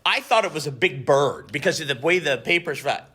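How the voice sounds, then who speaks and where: A man hosting a podcast interview, chatting casually and telling animated stories with frequent laughs. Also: fairly high pitch, fairly quick, husky. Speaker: podcast host, industry association past officer.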